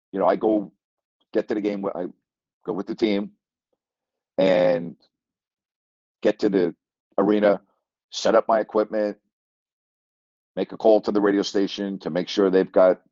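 An older male sports broadcaster tells a story in a loose, rambling way, circling back on his phrases and chuckling as he goes. His voice sits low, and the sound is dry and a little dull, like a lo-fi recording. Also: dark tone, no echo. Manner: rambling, repeats phrases, chuckles mid-sentence. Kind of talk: casual storytelling monologue.

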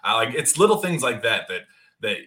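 Bright-voiced male sports podcast host. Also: mid-range voice, a little fast. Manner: relaxed, chatty, with many fillers. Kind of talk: casual sports talk.

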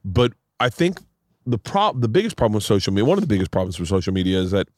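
A man's voice: on the low side, very animated, quick pace, dry recording, clean studio sound. A man hosting a podcast outdoors, rambling and oversharing in casual chat, swearing freely. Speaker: podcast host.

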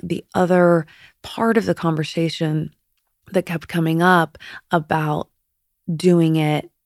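Woman in her fifties, podcast host, slight lisp, confiding chatty talk, gravelly voice, dry close sound. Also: low-pitched, dry recording. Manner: chatty and confiding, drifts into soft whispers. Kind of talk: candid personal monologue.

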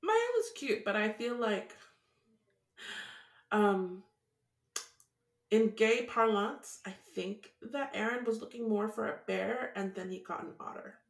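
A woman co-hosting a casual chat, joking and wry with expressive delivery. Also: a little high, slow pace, vocal fry, pauses often. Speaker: podcast co-host. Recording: roomy echo.

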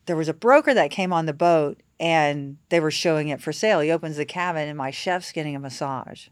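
A woman with a fairly low voice tells animated stories as a podcast guest, acting out quotes along the way. The sound is dry and close to a studio mic. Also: a little fast, hardly any pauses, no room sound. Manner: animated anecdotes with acted-out quotes. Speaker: guest, yacht captain. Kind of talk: casual podcast storytelling.

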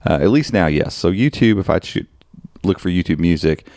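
A man co-hosting a podcast, chatting casually about tech and thinking aloud in a rambling, animated way. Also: deep voice, brisk, dry recording, clean studio sound. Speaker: podcast co-host.

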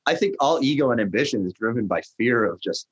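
A middle-aged man in a casual chat, telling a story with lively energy and acting out the lines of the people he quotes. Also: mid-range voice, quick pace, slightly rough, lo-fi sound. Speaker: guest, restaurant founder.

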